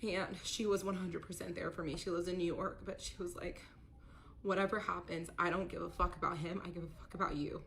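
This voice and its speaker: A woman's voice: lowish voice, steady tone, fairly quick, gravelly, fairly bright tone, slight background noise. A woman telling a painful personal story in an earnest, confessional vlog, quoting others and getting emotional as it goes. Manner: emotional, voice rising when upset. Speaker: storyteller recounting a personal ordeal. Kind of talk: personal story vlog, played in a reaction stream.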